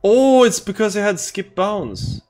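A man's voice: sits high, lively intonation, a little slow, darkish tone. A man, a game developer, chatting casually on a stream while explaining what he is testing, laughing often.

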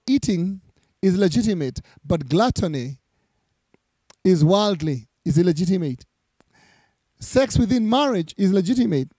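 A man's voice: high voice, warm tone, dry recording. A man preaching a sermon, reading scripture aloud and repeating key phrases for emphasis. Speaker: pastor.

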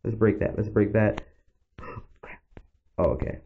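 A man's voice: lowish voice, a little slow. A man giving casual, rambling commentary as he plays a game, talking straight to his viewers. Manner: chatty, rambling, talks to viewers. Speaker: gaming channel host. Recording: dull lo-fi mic with faint noise.

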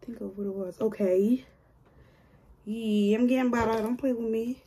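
A woman's voice: a little high, steady tone, normal speed, mellow, slightly rough, faint music behind. A woman chatting casually to her viewers while doing her own hair, joking and grumbling to herself as she goes. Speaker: hair vlogger.

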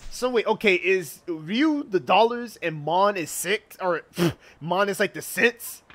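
A man giving gaming commentary, excitable and profane, reacting out loud as he plays. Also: high voice, slow. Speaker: gaming video host.

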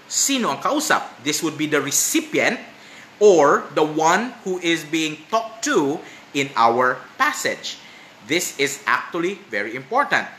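A man's voice: fairly high pitch, bright, forceful tone. A man preaching a sermon, emphatic and rhetorical, asking his listeners pointed questions. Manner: emphatic, rhetorical questions, slips into Filipino phrases. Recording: echoey room, faint noise.

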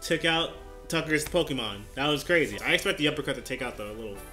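A man giving excited live reaction commentary to an anime battle, exclaiming and laughing often. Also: fairly high pitch, quick pace, faint music behind.

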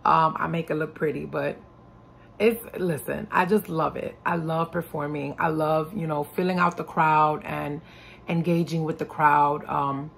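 A young woman from New York, a singer and rapper, chatting in a lively, upbeat way about her music. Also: deep voice, a little slow, vocal fry, slight background noise. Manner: lively and upbeat, animated when excited. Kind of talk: casual interview talk.

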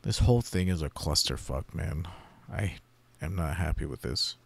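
A man's voice: sits low, animated, moderate pace, gravelly, husky, no room sound. A man giving casual gameplay commentary, grumbling and swearing freely in frustration. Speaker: gaming streamer.

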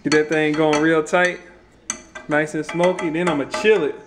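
A young man hosting a home vlog in his kitchen, joking in a playful, animated way. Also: fairly high pitch, moderate pace, background noise. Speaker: vlogger, expectant father.

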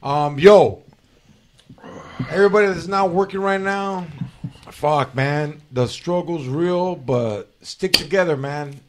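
A man's voice: fairly high pitch, slow, a little hiss or hum. A man hosting a podcast in casual chat, teasing his guests in loose, profane slang. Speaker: podcast host. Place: podcast studio.

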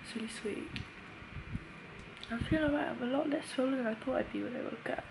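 A woman's voice: high-pitched, fairly quick, vocal fry. A young woman vlogging chattily from a hospital room while recovering from nose surgery, filmed on a phone. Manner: chatty, emotional, laughs often. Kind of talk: casual vlog to camera. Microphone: phone camera. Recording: noisy phone recording.

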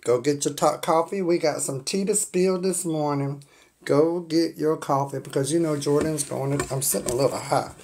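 A woman with a drawl hosts a casual live stream from her phone. Her voice sits slightly low, and she chats loosely while greeting viewers by name. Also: normal speed. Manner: warm-hearted, greets viewers by name, chatty. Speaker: livestream host. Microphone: phone on a stand.

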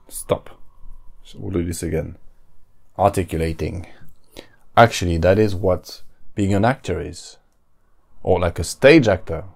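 Brief: male podcast host, very deep and gravelly, unhurried deadpan musing. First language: French. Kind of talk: casual solo podcast musing.

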